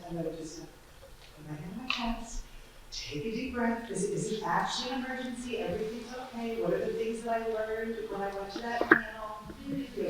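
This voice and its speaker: A woman on a community panel, giving calm, earnest advice to parents. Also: mid-range voice, noisy background. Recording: echoey hall from far off.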